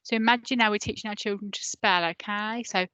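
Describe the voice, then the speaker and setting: A woman's voice: medium pitch, fairly even intonation, pushed and bright, clear, resonant tone, no room sound, rough recording. A woman teacher leading an online phonics lesson for parents, patiently sounding out letters and asking listeners to repeat after her. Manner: patient, sounds out letters slowly and prompts repetition.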